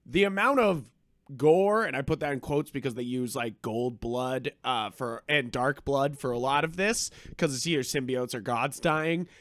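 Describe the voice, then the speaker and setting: A man co-hosting a podcast, chatting casually about a film, animated and swearing freely as he acts out reactions. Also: mid-range voice, normal speed, no echo, clean studio sound. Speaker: podcast co-host. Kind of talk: casual movie review chat.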